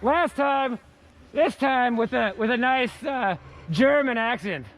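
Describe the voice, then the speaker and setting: A male science teacher giving a playful, energetic hands-on lesson outdoors in the snow, repeating key words. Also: extremely high pitch, slow pace, slight background noise.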